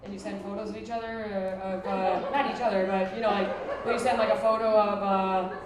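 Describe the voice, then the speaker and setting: A woman's voice: medium pitch, level tone, a little fast, noisy background. A young woman performing crude, self-mocking stand-up comedy and chatting with the crowd at a live venue. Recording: roomy live recording from a distance, crowd laughter.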